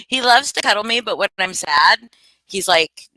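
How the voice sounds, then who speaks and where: A woman's voice: mid-range voice, animated, normal speed, bright, forceful tone, no echo. A woman hosting a casual live stream, reading chat aloud and chatting loosely with some swearing. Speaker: streamer host.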